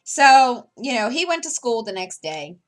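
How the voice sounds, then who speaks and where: A woman's voice: on the high side, sing-song, a little slow. A woman chatting casually while she works on a craft project, rambling with many fillers and restarts and chuckling between thoughts. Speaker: crafting vlogger.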